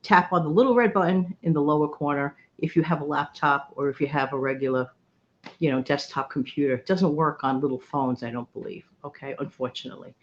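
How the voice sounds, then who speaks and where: A woman's voice: low-pitched, fairly quick, highs cut off, a little hiss or hum. A middle-aged woman hosting a vlog, telling stories in a chatty, rambling way and laughing often. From New York City. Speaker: vlog host. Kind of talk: casual storytelling monologue.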